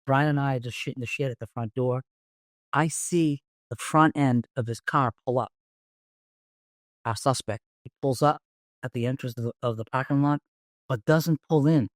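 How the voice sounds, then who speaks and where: A man's voice: medium pitch, moderate pace, no room sound, clean studio sound. A middle-aged man, a retired police detective telling a case story in an interview, blunt and profane, acting out his own lines.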